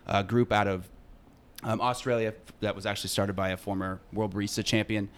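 A man guest on a podcast, talking casually and upbeat, joking with puns and giving a quick product pitch. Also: flat delivery. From San Diego. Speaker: brand ambassador guest.

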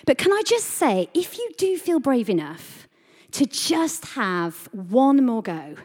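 Bright woman preaching in a hall. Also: fairly high pitch, takes it slowly. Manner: animated storytelling, asks the audience questions. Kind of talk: lively sermon talk to a congregation. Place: church hall. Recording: reverberant hall.

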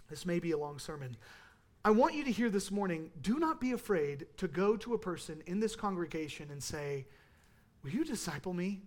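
A man's voice: high-pitched, a bit bright. A middle-aged man, preaching a sermon as pastor in a conversational, storytelling way.

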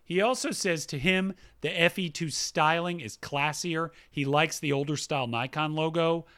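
A man's voice: fairly high pitch, moderate pace, sharp tone. A man co-hosting a casual talk show, reading listener emails aloud with his own asides. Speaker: podcast co-host reading listener mail. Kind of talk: casual chat.

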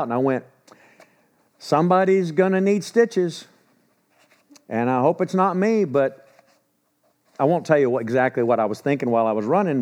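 A man's voice: medium pitch, darkish tone. A middle-aged male pastor teaching a sermon in a folksy storytelling way, often asking the listeners rhetorical questions.

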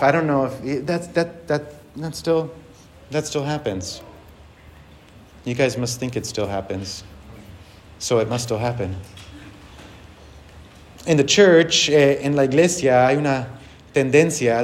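A man's voice: mid-range voice, a little hiss or hum. A pastor giving a sermon to a church congregation, switching line by line between English and Spanish, with wry sarcasm. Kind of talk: bilingual sermon, preaching in English and translating himself into Spanish.

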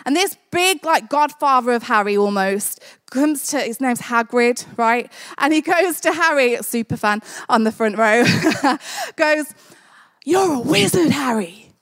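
A woman's voice: on the high side, expressive, measured pace, a bit bright. A woman preaching a sermon in a church, conversational and jokey, building to fervent exclamations.

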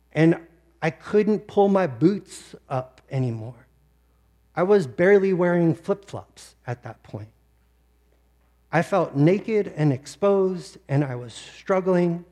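A male pastor preaching a sermon, telling a personal story with deep emotion and sometimes close to tears. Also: warm tone.

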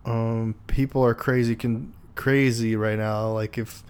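A man chatting on a podcast in a smooth, resonant voice at an ordinary middle pitch. He hesitates often and restarts his sentences, filling the gaps with ums as he works through an explanation. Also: level tone, measured pace. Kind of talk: casual chat.

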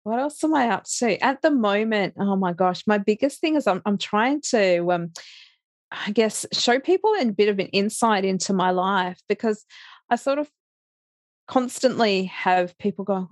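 A woman's voice: medium pitch, animated, moderate pace, no room sound. Woman, middle-aged, chatty interview guest, frequent laughter, dry recording. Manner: chatty, laughs often, many restarts and fillers. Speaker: interview guest, life coach. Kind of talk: casual interview chat.

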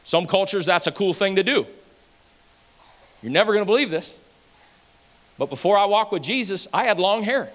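A pastor preaching a sermon, animated and playful, swinging between loud passages and hushed asides. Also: male voice, sits high, moderate pace, long pauses. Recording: hall reverb.

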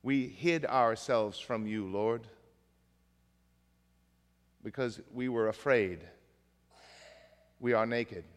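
A male pastor voicing the first man, slow and afraid, confessing he hid. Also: medium pitch, big-room sound, natural voice.

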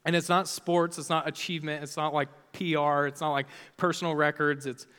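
A man delivers a relaxed, conversational sermon, peppering it with "like" as he goes. His voice sits a bit high for a man. It rings out with the long reverb of a large hall. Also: brisk, smooth. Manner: chatty, informal, many "like" fillers. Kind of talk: casual sermon.

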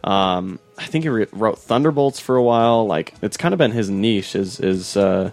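Relaxed man hosting a comics chat. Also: on the low side, normal speed. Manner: laid-back, laughs often, trails off with fillers. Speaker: podcast host. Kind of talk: casual chat about comics.

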